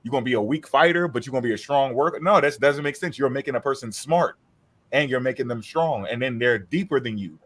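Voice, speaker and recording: Animated, profane man in casual talk. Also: medium pitch, fast talker. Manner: animated, profane, acts out quoted voices. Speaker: podcast co-host. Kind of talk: casual chat.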